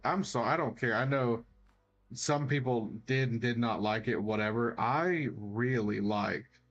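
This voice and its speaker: A man co-hosting a gaming podcast in casual chat, easygoing, often answering with quick short replies. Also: medium pitch, a bit bright, lo-fi sound. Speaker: podcast co-host.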